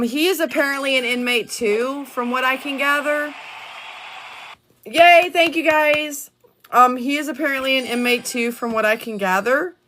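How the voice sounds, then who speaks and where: A woman hosting a casual livestream, reading letters aloud in a chatty, halting way with many ums and restarts. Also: high voice, pushed and bright. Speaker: livestream host reading documents.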